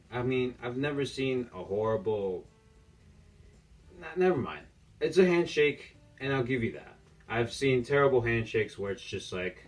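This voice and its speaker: A young man giving casual, mocking reaction commentary as a YouTuber, joking and ranting about the clips he watches. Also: mid-range voice. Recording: distant mic with faint music.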